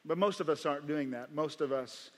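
Emphatic preacher man in echoing hall. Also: on the high side. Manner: emphatic, repeats key phrases slowly. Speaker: pastor. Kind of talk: sermon. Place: church sanctuary before a congregation. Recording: long reverb of a large church hall.

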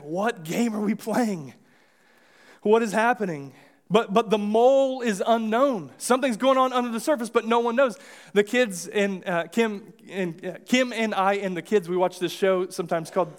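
An American man preaching a sermon in a church, speaking in a high-pitched voice. He keeps it casual and conversational, stopping to restart his sentences and acting out little scenes as he goes. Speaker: pastor. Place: church sanctuary.

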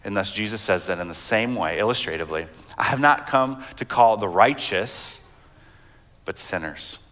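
A man's voice: lowish voice, expressive, fairly quick, fairly bright tone. Conversational man preaching a sermon. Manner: conversational, with many fillers and restarts, reading scripture aloud. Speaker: pastor.

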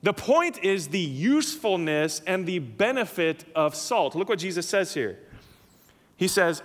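A male pastor delivers a sermon in an animated, emphatic way, his slightly high voice jumping up and dropping low for stress. The sound carries a long hall reverb, as if from a church sanctuary. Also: a little slow. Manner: animated, emphatic preaching with wide swings in pitch and loudness.

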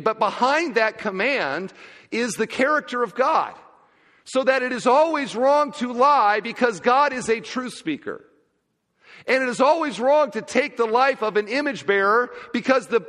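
A man preaching a sermon as pastor, emphatic and swinging between loud and quiet. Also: extremely high pitch, animated, moderate pace, long reverb tail.

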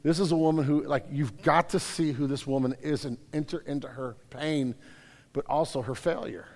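A man delivering a sermon, reading scripture passages aloud before retelling them in a loose, animated, conversational way. His voice sits a little high for a man. The sound carries a long reverb, as in a large hall or sanctuary. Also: normal speed. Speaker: pastor.

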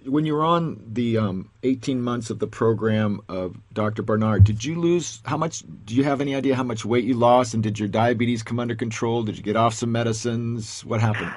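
A man's voice: mid-range voice, brisk, hardly any pauses, a little mellow, no echo. Guy interviewer, stacks up questions, dry close mic. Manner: probing, asks several questions at once.

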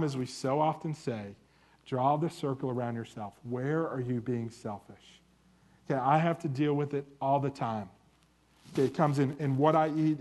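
A man in his forties with a slightly high voice, speaking in the manner of a sermon to a room full of people. He tells stories about himself frankly and makes fun of himself along the way, then turns them into a challenge for his listeners. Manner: candid, self-deprecating storytelling with humor. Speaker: church marriage ministry speaker. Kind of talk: sermon-style talk to a live audience.

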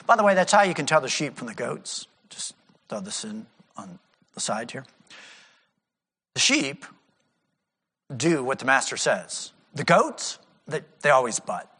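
A man preaching a sermon as a pastor, animated and acting out the people he quotes. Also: mid-range voice, unhurried, long pauses, slightly rough, big-room sound.

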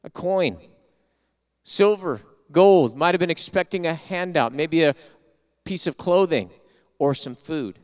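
A man preaching a sermon as a pastor, telling a story with animated delivery and acting out what people said. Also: fairly high pitch, measured pace, long pauses. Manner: animated storyteller who acts out quoted voices.

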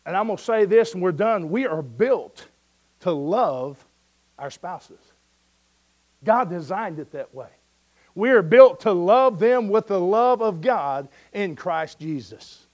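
A male preacher with a fairly high voice delivers a sermon as a story. He talks in a folksy, conversational way and sinks to a near hush at the tender moments. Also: animated, takes it slowly. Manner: storytelling, dropping to a soft hush at moving points.

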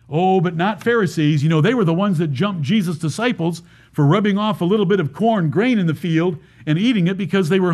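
A man's voice: high-pitched, darkish tone. A man preaching a sermon as pastor, emphatic, repeating lines and asking rhetorical questions.

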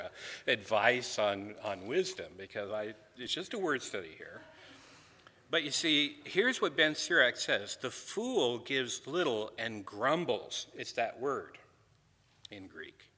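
A man teaching a scripture class, his voice bright and a little sharp. He talks in a conversational, wry way, often doubling back on his words. The sound carries a long reverb, as if in a large hall. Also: lowish voice. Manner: conversational and wry, with frequent restarts. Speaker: Bible lecturer.

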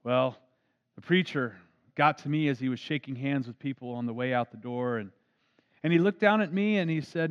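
A man's voice: medium pitch, normal speed. A man, a pastor, preaching an earnest storytelling sermon. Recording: dull lo-fi recording.

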